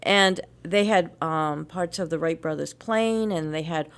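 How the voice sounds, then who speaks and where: A woman's voice: on the low side, a little slow, smooth. A middle-aged woman co-hosting a radio show, telling travel stories in a chatty way and laughing often. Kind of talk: casual morning radio chat.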